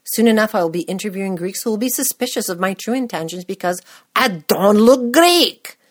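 A woman's voice: medium pitch, fast talker, a little mellow, no room sound, clean studio sound. A woman from the United States hosting a podcast, reading a scripted personal story with wry, self-deprecating humor. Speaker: podcast host.

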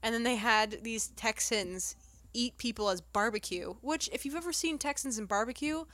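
A woman co-hosting a casual movie review chat, telling stories with lively asides and acting out her own reactions. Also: moderate pace. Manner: animated storyteller, quotes herself in a higher voice. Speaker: podcast co-host.

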